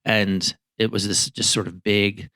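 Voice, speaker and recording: A man's voice: fairly low pitch, level tone, measured pace, pushed and bright, no echo, clean studio sound. A man, a marriage therapist co-hosting a podcast, chatting casually and reflectively with anecdotes. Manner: reflective, anecdotal, with frequent fillers. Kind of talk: casual conversational chat.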